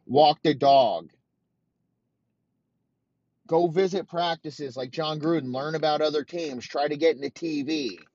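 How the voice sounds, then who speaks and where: A man in his thirties delivering a heated, profane comedic rant, talking in rapid-fire bursts. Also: fairly high pitch, darkish tone, no echo, muffled recording. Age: 30s.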